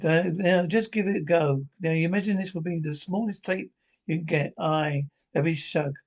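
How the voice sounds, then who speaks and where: Casting: a crude, bickering old pensioner, slightly high voice. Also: male voice, normal speed. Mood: banter. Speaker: sitcom pensioner. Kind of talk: broadcast sitcom acting.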